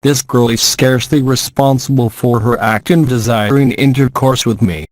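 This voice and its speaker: A proud, mighty young warrior boasting of his strength in old-fashioned, declamatory speech, as a man reads him aloud. The voice sits at an ordinary male pitch. It is recorded dry and close. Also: fairly even intonation, moderate pace, dry recording, close to an everyday voice. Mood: boastful. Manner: archaic, declamatory.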